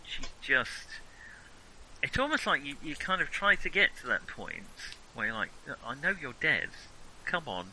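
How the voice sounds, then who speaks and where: Bright, lively game master man. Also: medium pitch, a little hiss or hum, poor audio. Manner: playful, jokey, halting with fillers. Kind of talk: narrating a tabletop game.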